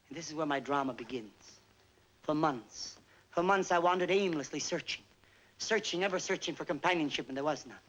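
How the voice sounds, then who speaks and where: A man's voice: on the high side, a bit bright, natural voice, rough recording. An actor playing a self-mocking male entertainer just home from army service, telling a wry story with comic timing in a 1950s film stand-up monologue. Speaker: stage entertainer.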